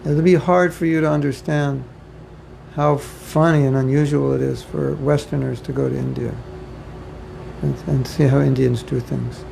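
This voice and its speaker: An American man gives an informal spiritual class to devotees, chatting conversationally with joking asides and a lot of repetition. His mid-range voice is steady, creaky and mellow, at a normal speed. The audio is poor, with a little hiss or hum and faint ambience from what sounds like a home or temple room.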